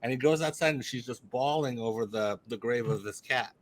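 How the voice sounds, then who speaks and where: A man co-hosting a podcast tells a story in a casual, animated way. He teases his friends and often stumbles and restarts mid-sentence. His voice sits at an ordinary middle pitch. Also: a little fast. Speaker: podcast co-host.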